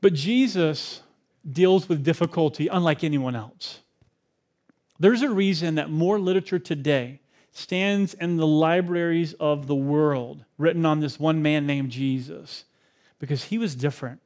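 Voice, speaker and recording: A man's voice: a little high, unhurried, darkish tone. A man preaching a sermon as pastor, talking in a conversational way with joking asides.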